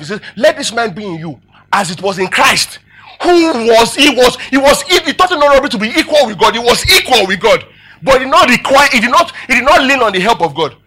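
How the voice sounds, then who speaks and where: A man preaching a sermon as a pastor, animated, laughing often and checking in with his listeners. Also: extremely high pitch, breathy edge.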